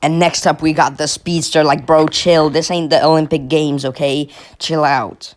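A man's voice: a little high, flat delivery, moderate pace. A young man from Finland giving mocking, exasperated comic commentary over a video. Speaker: comedy video creator.

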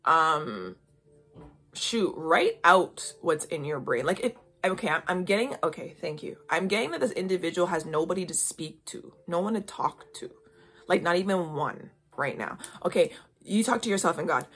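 Husky-voiced woman giving spirited pep talks. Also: on the low side, expressive, moderate pace, a bit bright. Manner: emphatic, coaxing, often checks in with okay. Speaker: podcast host giving intuitive readings. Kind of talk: casual spiritual chat.

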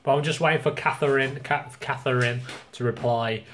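A man's voice: medium pitch, steady tone, normal speed, fairly bright tone, slight background noise. A young man talks loosely in a casual home vlog, rambling from one thing to the next. He jokes around and swears freely. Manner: rambling, joking, swears a lot. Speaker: vlogger.

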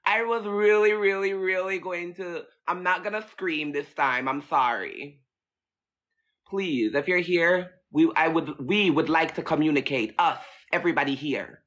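A man's voice: a little high, a little slow, a bit bright, lo-fi sound. A man on a livestream chatting nervously to viewers during a spooky ritual, swearing and addressing his audience directly. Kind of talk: casual livestream ritual chat.

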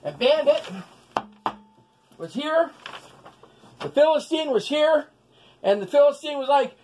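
A man's voice: extremely high pitch, animated, a little slow, pauses often, a little mellow. A man telling a Bible story as a children's lesson with stuffed animals, folksy and full of sound effects. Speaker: storyteller teaching children's values.

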